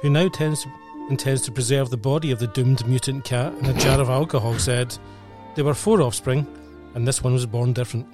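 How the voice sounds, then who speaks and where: A man's voice: mid-range voice, steady tone, brisk, hardly any pauses, darkish tone, soft background music. A man co-hosting a podcast, reading strange headlines in a matter-of-fact way. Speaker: podcast co-host. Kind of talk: casual podcast chat.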